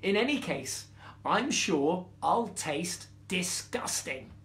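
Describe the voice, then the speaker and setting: A man voicing a tiny, terrified male mouse in a bedtime story, squeaky, tearful and stammering. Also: sing-song, slow, fairly bright tone, full character voice. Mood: pleading. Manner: stammering, begging.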